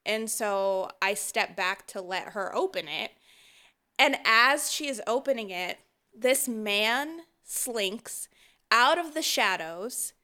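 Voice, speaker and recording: A woman co-hosting a podcast, telling a story in casual chat, animated and often laughing as she acts out what people said. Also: fairly high pitch, slow pace, clear, resonant tone. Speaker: podcast co-host.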